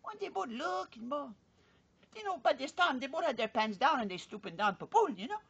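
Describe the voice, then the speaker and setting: A woman's voice: high-pitched, sing-song, fairly quick, fairly bright tone, dull audio. A woman telling a folksy joke casually, drawling and saying "man" and "you know". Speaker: storyteller.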